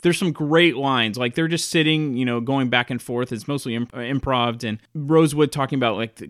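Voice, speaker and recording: A man's voice: medium pitch, moderate pace, hardly any pauses, fairly bright tone, no room sound, clean studio sound. A man hosting a casual film review, talking in a chatty, enthusiastic way. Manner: chatty, enthusiastic, with frequent restarts. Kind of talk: casual commentary.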